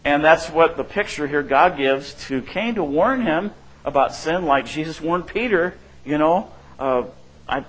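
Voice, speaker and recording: A man's voice: on the high side, rough recording. A middle-aged male pastor preaching in a loose, conversational way, often checking in with the room and acting out quotes. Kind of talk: sermon.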